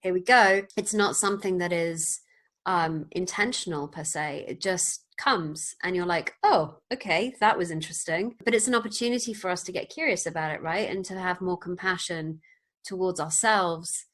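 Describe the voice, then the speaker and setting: A woman hosting a podcast interview, speaking reflectively and asking curious questions, often trailing off softly. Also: lowish voice, moderate pace. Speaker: podcast host.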